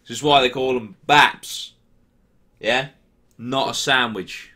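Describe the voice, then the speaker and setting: A man in his twenties with an English accent answers viewer questions in a casual chat, swearing freely and quickly getting worked up. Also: medium pitch, steady tone, bright, forceful tone. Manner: ranty, sweary, quick to get heated.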